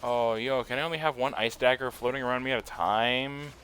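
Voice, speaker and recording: A man's voice: medium pitch, steady tone, fairly quick, a bit bright, slight background noise. A man giving casual gameplay commentary, trash-talking enemies with profanity and laughing at the game. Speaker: gaming streamer.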